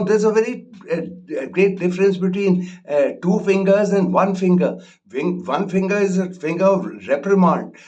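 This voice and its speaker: Man, high-pitched voice, halting commentary with fillers and restarts. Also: darkish tone. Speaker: political commentator. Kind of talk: casual spoken commentary.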